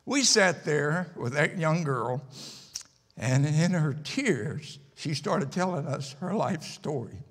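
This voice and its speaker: An older male preacher delivers a sermon in a church, his voice sitting notably high. He tells stories in a homespun way and hammers points home through repetition. A long church reverb trails behind each phrase. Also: expressive, slow, husky. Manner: folksy storytelling, emphatic repetition. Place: church sanctuary.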